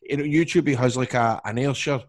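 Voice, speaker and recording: A man's voice: medium pitch, brisk. A Scottish man co-hosting a football podcast, chatting casually with jokey stories and banter. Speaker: podcast co-host.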